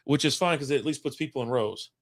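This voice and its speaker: A man co-hosting a podcast tells a drawn-out, profane story in a rambling casual chat, acting out people's lines. He is a fast talker with a medium pitch, and the studio sound is clean and dry.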